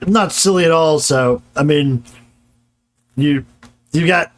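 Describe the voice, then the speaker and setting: A man's voice: fairly high pitch, measured pace, long pauses. A man giving a live-streamed grammar lecture, talking casually with many fillers and restarts while answering chat.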